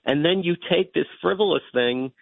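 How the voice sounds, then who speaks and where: A male legal commentator, a guest on a radio talk show, arguing in a measured way with frequent restarts over a phone line. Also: a little high, vocal fry, dry recording.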